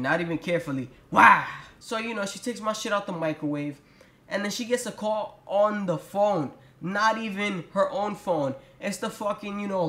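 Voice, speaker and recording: A young man telling a story to his camera, ranting in an exasperated, profane way. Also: high voice. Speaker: vlogger. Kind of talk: storytime rant. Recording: echoey room.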